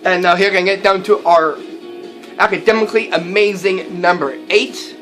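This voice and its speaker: A man's voice: sits high, steady tone, normal speed, a bit bright, soft background music. A man hosting a prank tutorial, explaining with enthusiasm and plenty of fillers as he shows his props. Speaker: magic and prank video host. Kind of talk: how-to demonstration.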